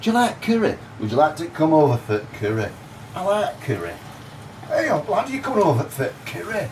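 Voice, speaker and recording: Man doing a squeaky northern English bloke, sing-song, mocking, high. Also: wildly swooping pitch, fairly quick, a little mellow, recorded from a distance, slight background noise.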